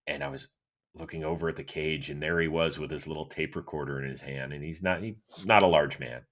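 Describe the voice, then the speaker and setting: A middle-aged man from Cleveland hosting a solo sports show, answering listener questions in an animated, chatty storytelling way. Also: a little fast. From Cleveland, Ohio, USA. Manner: animated, chatty storyteller with lively swings in pitch. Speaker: host.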